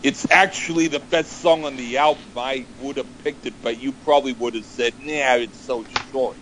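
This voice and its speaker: A man in casual chat about an album, animated and joking, mimicking misheard lyrics. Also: medium pitch, fairly quick, a little hiss or hum, low-quality recording.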